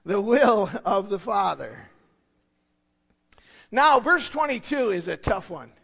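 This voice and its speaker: A pastor with a strikingly high voice for a man preaches slowly and deliberately, letting long pauses hang. He swings from near-whispered asides to shouted declarations and hammers single words again and again. The sound carries the long reverb of a big church hall. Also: big pitch swings, gravelly. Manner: emphatic, swinging from hushed asides to shouted points; repeats key words for effect. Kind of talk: sermon.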